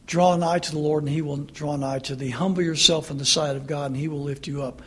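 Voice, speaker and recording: A male pastor preaches a sermon in an earnest, conversational style, throwing in wry, mocking asides. His voice is husky and high for a man, holding a steady tone at a slightly fast pace.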